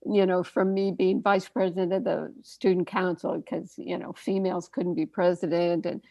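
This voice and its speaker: A woman's voice: lowish voice, level tone, normal speed, vocal fry, darkish tone, no room sound. An older woman, a doctor hosting a radio talk show, telling stories in a chatty way with frequent laughs. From Canada. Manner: chatty storytelling, laughs often. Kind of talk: casual radio chat.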